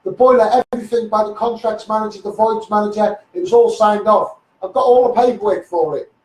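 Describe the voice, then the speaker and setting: Scouse man, high-pitched voice, blunt heated ranting, echoey room, mic at a distance. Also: fairly quick, darkish tone. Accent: Liverpool (Scouse). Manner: blunt, heated, rambling with repeated "mate" and "you know what I mean". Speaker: local campaigner on a live stream. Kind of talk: ranting live stream monologue.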